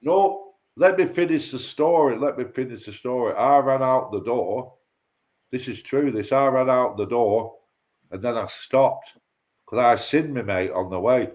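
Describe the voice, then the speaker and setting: A man's voice: medium pitch, measured pace, darkish tone. A man telling a rambling, sweary story on a casual livestream chat, repeating himself and tripping over his words.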